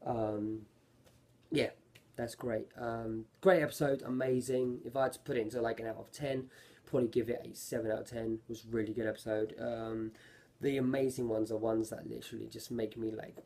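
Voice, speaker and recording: Male anime reviewer, casual and rambling; gravelly, husky tone. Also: mid-range voice, steady tone, fairly quick, dark tone. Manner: rambling, self-correcting, lots of fillers.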